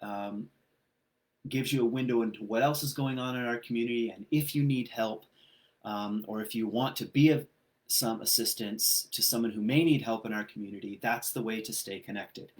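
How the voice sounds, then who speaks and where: A man giving a relaxed, conversational livestreamed sermon as pastor, telling a folktale with frequent pauses and ums. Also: medium pitch. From Ireland.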